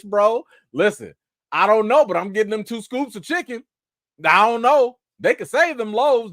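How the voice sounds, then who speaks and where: A man hosting a casual live-stream chat, speaking, breaking into excited exclamations and reading viewer comments aloud. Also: a little high, no echo, studio quality. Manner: animated, preacher-like exclamations. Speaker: host of a live chat show.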